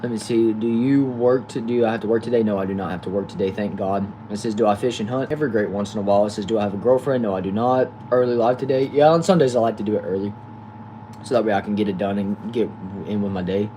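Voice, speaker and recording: Fast-reading Texan man, noisy shed. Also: fairly low pitch. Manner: rapid reading of comments with short replies. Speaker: livestream host reading chat. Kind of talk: casual livestream chat. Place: back shed. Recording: noisy background hum.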